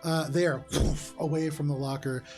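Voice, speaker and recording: A man's voice: fairly high pitch, little pitch movement, normal speed, over loud music. A man running a live tabletop game as game master, narrating vividly with rambling fillers and humming.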